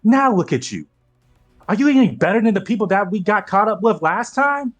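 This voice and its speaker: Man scolding in character, lively pitch. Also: soft background music. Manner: scolding, slow and deliberate in character. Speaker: player. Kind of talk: in-character tabletop role-play.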